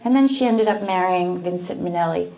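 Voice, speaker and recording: A woman with a Canadian accent, earnestly explaining and telling a story in a casual, conversational way, with frequent pauses and fillers. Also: lowish voice, gravelly, dark tone. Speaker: guest speaker on post-abortion trauma.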